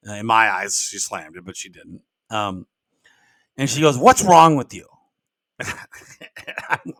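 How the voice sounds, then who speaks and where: A man's voice: medium pitch, bright, forceful tone, dry recording. An older man hosting his own business podcast, telling a personal story in a rambling, folksy way and often repeating words as he restarts. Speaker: podcast host and business coach. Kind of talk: casual solo podcast storytelling.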